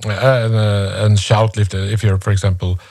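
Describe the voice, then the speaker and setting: A man's voice: lowish voice, little pitch movement, moderate pace, gravelly, mellow, dry recording, studio quality. A man hosting a casual podcast chat, telling jokey stories and acting out insults in raised voices. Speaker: podcast host.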